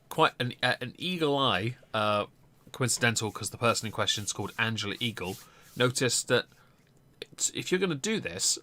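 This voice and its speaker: Guy on a stream mic going off about politics, lots of ums, bright edgy voice. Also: mid-range voice, no echo. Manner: rambling, many ums, blunt and sweary. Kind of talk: casual political commentary.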